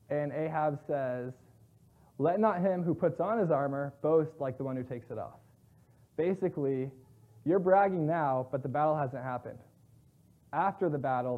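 A man giving a casual Bible teaching, reading passages and retelling them in relaxed everyday words. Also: fairly high pitch. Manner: conversational, paraphrases scripture in everyday slang. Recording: tinny phone-like sound.

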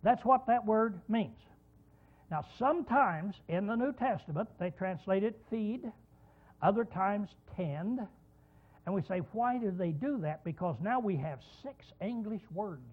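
A man's voice: sits high, animated, measured pace. A man teaching a Bible lesson as a sermon, explaining points step by step, asking questions and answering them himself. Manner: explanatory, rhetorical questions, repeats key words. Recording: tinny phone-like sound.

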